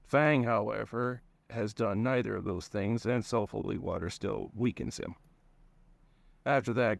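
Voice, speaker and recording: Low-voiced man reading a story. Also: vocal fry, no room sound. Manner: plain, relaxed storytelling. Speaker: reader of his own story. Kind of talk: reading first-person fiction aloud.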